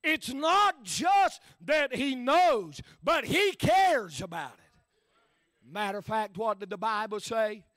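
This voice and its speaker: A preacher with a very high-pitched voice, recorded close and dry with almost no room sound. He delivers his sermon in rhythmic bursts, filling the gaps with "uh" and dropping from shouts to near-whispers. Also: sing-song, takes it slowly, dry recording.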